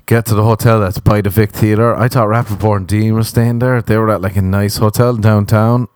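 An Irish man telling a comic story in a casual, sardonic way, with profanity and deadpan understatement. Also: lowish voice, a little fast. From Ireland. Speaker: comedian.

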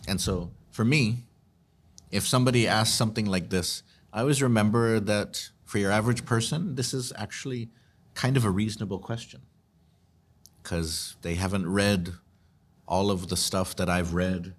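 A man with a very deep voice hosts the show, answering listener questions. He talks in an earnest, explanatory way, with casual restarts as he works through his points. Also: moderate pace. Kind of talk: casual commentary.

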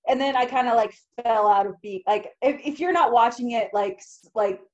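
A young woman with a somewhat high voice chats on a podcast. She talks loosely, leans on "like" and laughs easily. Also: moderate pace, muffled recording. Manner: chatty, laughs often, filler-heavy. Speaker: podcast co-host. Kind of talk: casual chat.

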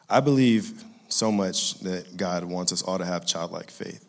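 Thirties guy from california, lowish voice, earnest storytelling about faith, chatty. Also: a little slow, vocal fry. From Inglewood, California. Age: 30s. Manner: earnest, conversational, laughs at his own jokes. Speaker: father sharing a faith testimony. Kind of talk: personal storytelling talk.

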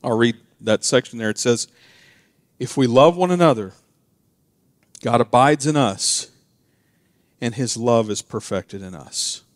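Guy preaching casual style, dry close sound, gets quiet then loud and fired up. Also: mid-range voice, expressive, a little slow, long pauses, no room sound. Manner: conversational, swings from loud emphatic peaks to quiet asides. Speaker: pastor. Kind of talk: casual sermon.

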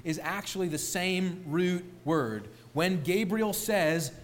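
Male pastor, sermon delivery, somewhat high voice, emphatic and animated. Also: slow pace. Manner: animated, emphatic, repeats words for stress.

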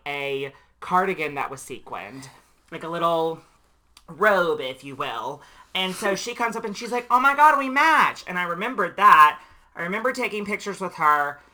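A man co-hosting a podcast, chatting casually and telling self-mocking stories. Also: on the high side. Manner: animated, self-mocking storytelling. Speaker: podcast co-host. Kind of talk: casual chat.

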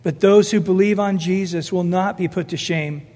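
A man's voice: high voice, steady tone, moderate pace, a little mellow, in a large hall. A man preaching a sermon emphatically, rising and falling as he acts out the voices he quotes. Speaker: pastor.

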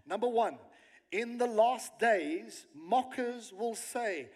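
A man's voice: high voice, unhurried. A man, a pastor preaching a sermon and reading scripture with emphasis. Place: church hall. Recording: long hall reverb.

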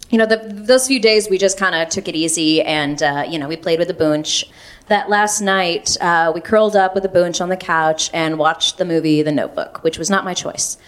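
A young woman telling a personal story, wry and self-mocking, laughing through some lines. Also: on the low side. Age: young adult.

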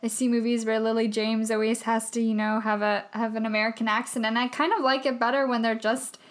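A woman's voice: fairly high pitch, little pitch movement, fairly quick. A woman co-hosting a movie podcast in casual chat, easygoing and agreeable, with hesitant phrasing. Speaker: podcast co-host.

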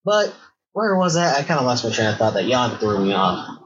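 A man co-hosting a podcast in casual chat, talking in an animated, profane way. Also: medium pitch, a little fast, slight background noise. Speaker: podcast co-host. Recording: dull lo-fi sound.

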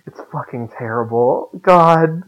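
A man co-hosting a casual gaming chat, excitable, swearing freely and laughing often. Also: mid-range voice, slow pace, poor audio. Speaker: podcast co-host.

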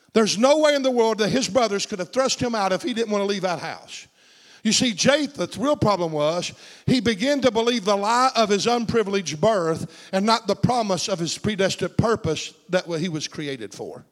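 A man preaching a sermon. He calls out for amens and swings from low, hushed asides to shouted climaxes. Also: in a large hall.

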